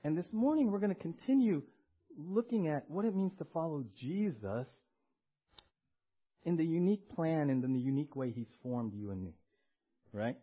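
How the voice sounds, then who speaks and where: Male preacher, raised pitch, chatty sermon delivery that pulls the congregation in, dull lo-fi recording. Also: expressive, moderate pace, pauses often, breathy edge. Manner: conversational, tags lines with "right?" and has the congregation respond. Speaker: pastor.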